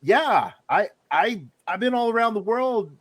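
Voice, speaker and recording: A man with a slightly higher voice hosts a casual podcast. He keeps the talk moving with jokes and asides. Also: animated, measured pace, fairly bright tone. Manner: joking, leads the discussion. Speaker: podcast host.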